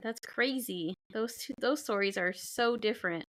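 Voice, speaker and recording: A woman with a bright, forceful voice, chatting casually on a podcast. She jumps in with quick reactions and playful asides. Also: a little high. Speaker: podcast co-host. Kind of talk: casual chat.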